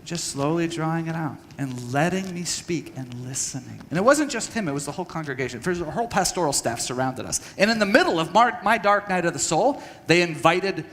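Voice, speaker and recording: A man giving an earnest, halting talk to a church audience, telling a personal story and acting out conversations. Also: on the high side, expressive, a bit bright, in a large hall. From United States. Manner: earnest, halting with restarts, acts out dialogue. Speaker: speaker at a church training session. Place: church hall.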